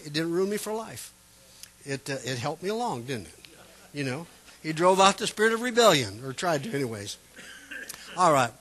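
A man preaching a folksy, chatty sermon full of personal stories, growing loud when he gets fervent. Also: fairly high pitch. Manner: folksy, chatty, repeats "you know what I'm saying".

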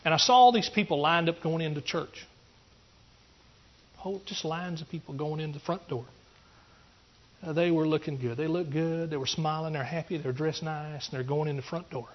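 A pastor from East Texas giving an earnest testimony sermon, rambling through restarts and rising into emphatic preaching. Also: male voice, on the high side, moderate pace, dull audio, slight background noise.

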